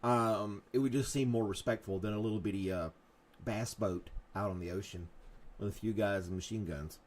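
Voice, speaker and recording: A man's voice: fairly low pitch, normal speed, a little mellow. A man hosting a live morning chat show, rambling and self-mocking, with jokey asides to his dog and to viewers.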